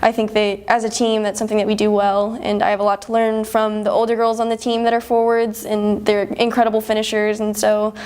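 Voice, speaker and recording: A woman's voice: mid-range voice, completely flat delivery, brisk, hardly any pauses, darkish tone, clean tone. A young woman from Texas, a first-year college soccer player, answering interview questions in an earnest, modest way with long rambling sentences. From Houston, Texas, USA. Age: young adult. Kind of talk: post-game sports interview.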